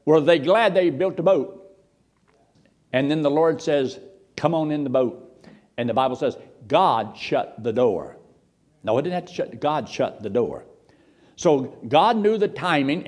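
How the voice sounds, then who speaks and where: A man delivers a sermon in a somewhat high, very lively voice. He reads verses aloud and breaks into mocking impressions of doubters. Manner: expressive preaching, mocking voices of scoffers. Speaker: preacher.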